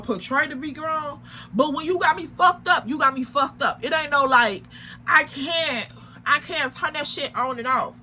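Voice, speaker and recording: A young adult woman telling a personal story to her viewers, casual and animated, full of slang and emphatic asides. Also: high voice, slight background noise. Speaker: vlogger.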